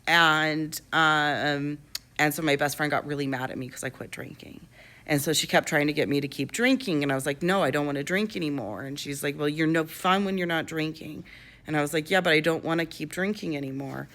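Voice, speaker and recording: A woman's voice: sits low, fairly quick, fairly bright tone. A woman in her twenties telling a personal story in a casual, rambling way, with lots of fillers and restarts.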